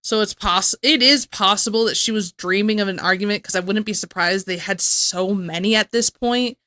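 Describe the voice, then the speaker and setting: A woman's voice: medium pitch, normal speed, sharp tone, no echo. A woman hosting a reaction video, chatting in a rambling way and laughing often. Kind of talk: casual reaction commentary.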